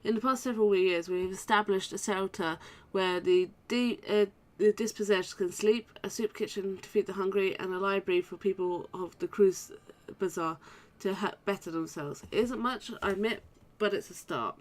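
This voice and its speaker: A woman gives voice to a kind, earnest male orc who runs a charity in a video game. The delivery is formal and sincere, read aloud rather than acted, at a middling pitch and a slightly softer level than her usual chat. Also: moderate pace, hardly any pauses, natural voice.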